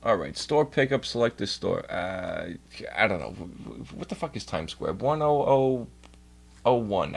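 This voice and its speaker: A man's voice: lowish voice, big pitch swings, unhurried, creaky. A young man streaming casually, ranting in exasperated, profanity-heavy bursts. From New York. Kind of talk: casual livestream rant.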